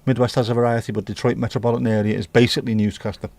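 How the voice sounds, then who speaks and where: A man's voice: mid-range voice, level tone, very fast, a little mellow, dry recording. A man with a Scouse accent hosting a casual livestream, chatting with viewers and bantering as he reads the chat. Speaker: livestream host.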